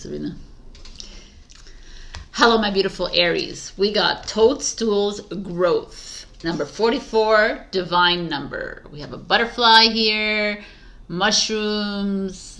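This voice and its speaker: A woman doing a tarot reading for the viewer, speaking at an unhurried, drawn-out pace. She muses and reassures as she turns the cards, with giggly, self-mocking asides, at a middle pitch for a woman. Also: fairly bright tone. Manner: slow, musing and affirming while reading cards. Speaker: tarot reader. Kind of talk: tarot card reading to camera.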